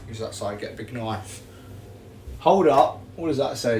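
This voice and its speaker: A man's voice: medium pitch, unhurried. A young man chatting casually on a livestream while he bakes, rambling and slangy, poking fun at himself. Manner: rambling, slangy, self-mocking. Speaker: streamer baking on camera. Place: home kitchen. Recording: roomy, distant, clattering kitchen noise.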